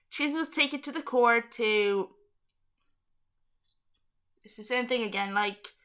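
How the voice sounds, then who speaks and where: A woman's voice: a little high, bright, forceful tone, smooth. A young woman reading a Bible story aloud, stumbling over hard names and adding chatty asides.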